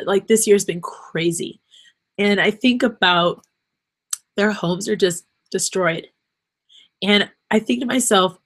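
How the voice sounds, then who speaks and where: Speaking off the cuff as a podcast host, a sincere woman offers meandering words of encouragement. Her pitch sits in the middle, and she sounds moved, on the verge of crying.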